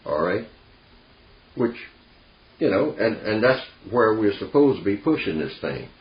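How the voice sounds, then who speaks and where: A man's voice: on the low side, very animated, a little slow. A man leading an informal group discussion, emphatic and folksy, often dropping in "see" and "you know". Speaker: discussion leader. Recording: echoey room, dull lo-fi sound.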